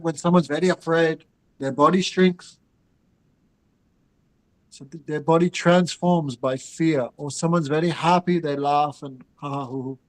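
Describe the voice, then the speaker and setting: A man's voice: on the high side, low-quality recording. Man teaching a scripture class. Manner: chants Sanskrit and Bengali verses, then explains them with asides to students. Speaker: spiritual teacher.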